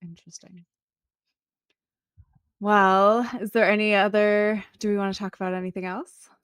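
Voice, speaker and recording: A woman's voice: medium pitch, little pitch movement, moderate pace, clear, resonant tone, dry recording, studio quality. A woman co-hosting a podcast in casual chat, upbeat and laughing often. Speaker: podcast co-host.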